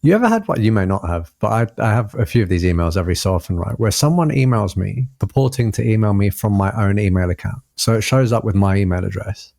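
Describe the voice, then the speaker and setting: A man with a low, gravelly voice co-hosts a podcast. He tells stories in an animated way and laughs often. His tone is warm and mellow. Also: fast talker, few pauses, no echo, clean studio sound. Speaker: podcast co-host. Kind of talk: casual storytelling chat.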